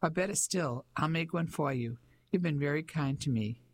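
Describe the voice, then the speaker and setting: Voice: medium pitch, normal speed, no room sound, natural voice. A narrator doing a cheerful middle-aged English woman.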